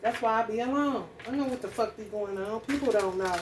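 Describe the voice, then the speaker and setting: Picked up by a distant mic in an echoey room with faint noise, this woman speaks briskly at a fairly high pitch. She's an astrology reader whose laid-back reading becomes a heated, blunt rant packed with swearing.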